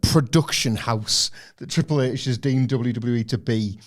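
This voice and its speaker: A hoarse man co-hosting a wrestling podcast, ranting in a sardonic, sweary, casual way. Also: mid-range voice, unhurried. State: hoarse, losing his voice. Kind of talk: casual review chat.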